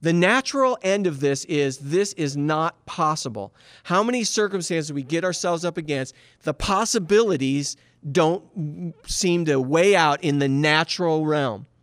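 A man's voice: on the high side, expressive, unhurried, dry recording, studio quality. A middle-aged man giving a conversational sermon as a pastor, earnest, with many rhetorical questions. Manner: earnest, asks rhetorical questions, frequent "you know".

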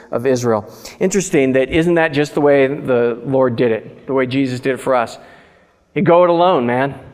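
Male pastor, sermon, fairly high voice, reads scripture then loose asides, long hall reverb. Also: darkish tone.

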